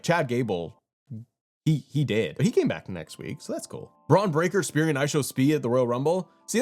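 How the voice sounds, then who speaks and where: Animated man rambling about wrestling. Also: mid-range voice. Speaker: wrestling channel host. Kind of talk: casual commentary.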